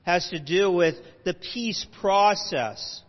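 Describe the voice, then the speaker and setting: Guy with a high voice giving a lecture, stops to fix himself, dull muffled sound. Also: slow. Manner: explanatory, with asides and self-corrections. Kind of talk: lecture to a live audience. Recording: dull lo-fi audio with long hall reverb.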